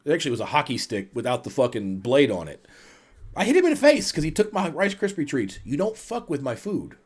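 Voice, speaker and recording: Profane, animated male podcast host. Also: fairly high pitch, brisk, husky. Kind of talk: casual podcast chat.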